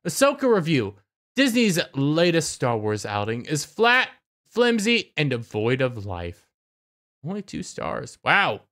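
A man's voice: medium pitch, sing-song, a little slow, a bit bright. A young man hosting a YouTube channel, ranting in a casual, sarcastic, mocking way and often repeating words as he starts a sentence. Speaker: YouTube commentator. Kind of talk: casual rant commentary.

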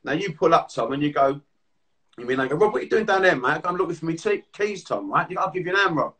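Fast-talking man set back from the mic. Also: fairly high pitch, recorded from a distance. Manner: rapid storytelling, swearing, animated. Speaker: podcast host and therapist. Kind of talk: casual podcast chat.

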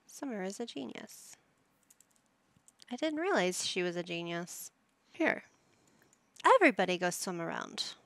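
Woman, gameplay commentary, unhurried, slight vocal fry, dry close mic. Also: medium pitch, sing-song, fairly bright tone, dry recording. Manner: talks to her game characters like a playful parent. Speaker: gaming YouTuber.

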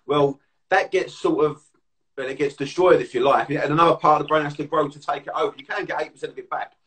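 A man with a bright, forceful voice in casual conversation. He explains things plainly and slips into funny anecdotes. His voice is slightly high for a man. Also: fairly even intonation, fast. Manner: explanatory, then anecdotal and laughing. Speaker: co-host. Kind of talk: casual chat.

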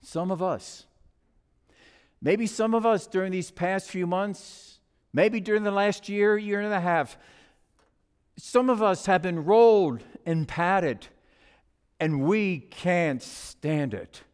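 High-voiced preacher telling a story. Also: male voice, slow pace, smooth. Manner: storytelling, animated and dramatic. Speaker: guest preacher. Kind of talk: sermon. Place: church sanctuary. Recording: long church reverb.

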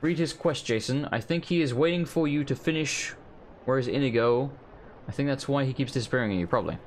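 A man's voice: medium pitch, quick pace, slight background noise. A man hosting a let's play, giving casual gameplay commentary, joking and cursing freely. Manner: laughs often, swears casually.

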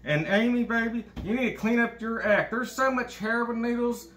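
A man's voice: very high-pitched, moderate pace, a bit bright. A man doing a comedic impression of a crude, boastful older state governor, rambling and swearing. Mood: ranting. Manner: rambling, profane and bragging. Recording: echoey room.

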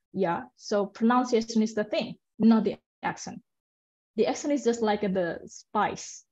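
A woman's voice: on the high side, warm tone, highs cut off. A woman English teacher speaking casually in an online class, chatty and encouraging with many fillers.

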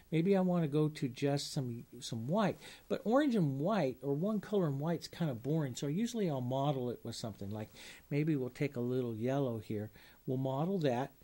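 Mellow-voiced man demonstrating painting. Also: a little high. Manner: casual, thinking aloud, asks and answers own questions. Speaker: painting instructor.

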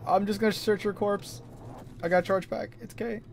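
A man's voice: high voice, fairly even intonation, normal speed, creaky, a little hiss or hum. A young man streaming a horror game, yelping and laughing nervously as he plays. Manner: jumpy, yelps and nervous laughter. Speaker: gaming streamer. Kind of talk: horror let's play commentary.

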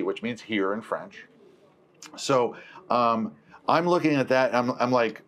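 A man's voice: medium pitch, takes it slowly. A male film producer telling a long story in casual conversation, correcting himself as he goes and acting out the dialogue. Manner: rambling, self-correcting, acts out quoted dialogue.

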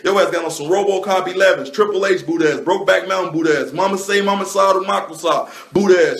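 A man delivering a comedic roast monologue, rattling off mocking insults with repeated catchphrases. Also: a little high.

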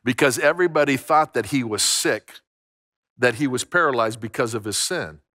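A man's voice: mid-range voice, lively intonation, moderate pace, bright, forceful tone, no echo, clean studio sound. Emphatic middle-aged male preacher. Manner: emphatic preaching with repeated phrases and stammered restarts. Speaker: pastor. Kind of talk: sermon. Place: church sanctuary.

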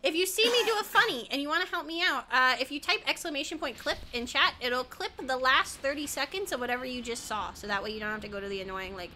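A woman's voice: high voice, quick pace, few pauses, bright, forceful tone, slight background noise. A woman gaming streamer chatting casually while she plays, rambling, giggly, easily sidetracked and swearing a lot.

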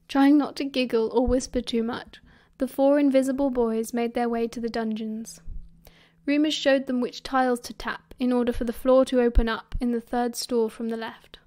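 A young British woman reading a fan audiobook, giving the characters lively voices. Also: fairly high pitch. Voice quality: reads all parts with lively character voices. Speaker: audiobook narrator.

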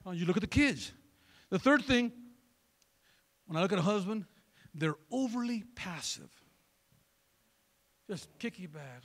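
Male pastor, sermon, animated pitch swings, loose and joking with the congregation. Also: unhurried, long pauses. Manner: conversational, joking, asks the crowd for replies.

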